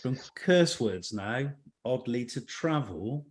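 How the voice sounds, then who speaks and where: A man's voice: mid-range voice, animated, takes it slowly. A man hosting an interview podcast, asking questions politely and enthusiastically. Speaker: podcast host.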